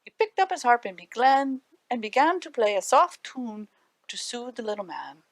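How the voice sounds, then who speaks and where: A children's librarian reads a storybook aloud in a lively, high voice that swoops up and down. She drops into soft, hushed asides for her young listeners. The sound is dry and close. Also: normal speed, no echo.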